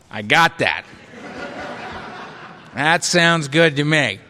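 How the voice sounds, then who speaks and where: Middle-aged guy giving a talk at a recovery meeting, bright punchy voice, big echoey hall. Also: fairly high pitch, measured pace, long pauses. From United States. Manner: storytelling, animated, self-mocking humor. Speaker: AA speaker. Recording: hall reverb, live talk recording.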